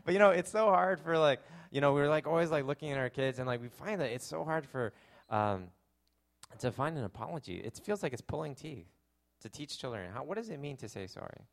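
A man's voice: on the high side, lively intonation, a little fast, vocal fry. A young adult man preaching a conversational sermon, joking and filling his talk with fillers. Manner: conversational, self-deprecating humor with lots of fillers. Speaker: pastor.

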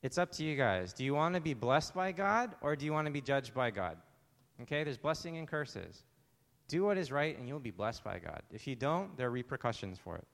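A pastor preaching a conversational sermon, asking the congregation rhetorical questions. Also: male voice, mid-range voice, sing-song, fairly quick, creaky, a bit bright, long reverb tail.

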